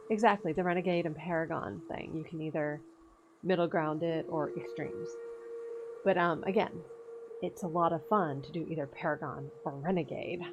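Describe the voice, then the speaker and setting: A woman's voice: fairly low pitch, highs cut off, background noise. A woman streamer chatting casually over gameplay, laughing often and swearing freely. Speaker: game streamer.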